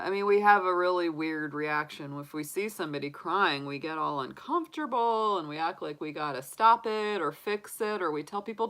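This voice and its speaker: A woman's voice: fairly low pitch, a bit bright, clear, resonant tone. A woman, hosting a tarot live stream, chatting openly and emotionally with viewers and laughing often. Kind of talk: casual live-stream chat.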